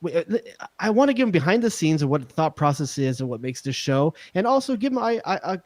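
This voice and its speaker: A man co-hosting a podcast, chatting casually with quick, playful ribbing. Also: a little high, very animated, dry recording. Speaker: podcast co-host. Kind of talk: casual chat.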